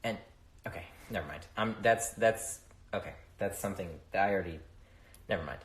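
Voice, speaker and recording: A man's voice: low-pitched, a little fast. A young man hosting a casual livestream, chatting loosely with viewers, swearing freely and losing his train of thought, talking into a phone. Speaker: livestream host answering viewer questions. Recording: roomy echo.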